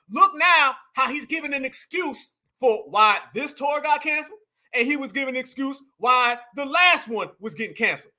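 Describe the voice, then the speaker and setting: A man's voice: very high-pitched, expressive, moderate pace, pushed and bright. A man hosting a heated online reaction commentary, mocking as he talks to his chat.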